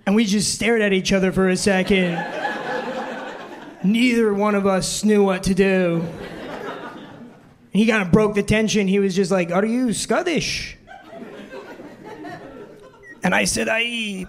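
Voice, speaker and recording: A man's voice: high-pitched, fairly even intonation, normal speed, pauses often, crowd noise. A man in his twenties doing a self-deprecating stand-up routine on a club stage, telling awkward stories to a laughing audience. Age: 20s. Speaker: stand-up comedian.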